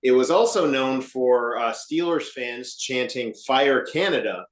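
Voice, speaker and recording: A man delivers a fan podcast's news segment in a dry, measured way, often pausing with fillers. His voice sits in the middle range. The room around him sounds echoey. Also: mid-range voice.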